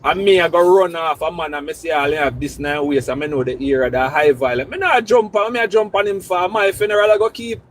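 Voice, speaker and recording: A man with a Jamaican accent who hosts a live discussion and argues his point calmly, repeating phrases to keep the floor. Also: fairly high pitch, fairly quick, hardly any pauses, low-quality recording. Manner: calm, reasoning, repeats himself to hold the floor. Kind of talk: casual debate.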